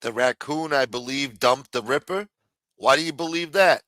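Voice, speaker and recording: Male streamer, profane heated rant, sharp tone, dry close mic. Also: mid-range voice, moderate pace, no room sound. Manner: heated, swears constantly, mocks others in raised voices. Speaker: livestream commentator.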